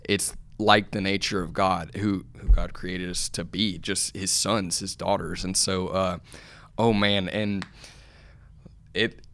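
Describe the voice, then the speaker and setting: A man with a lowish voice talking about faith on a casual podcast. He gets animated as he goes and builds to fired-up emphasis. He speaks as a co-host answering his partner. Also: slow pace, smooth.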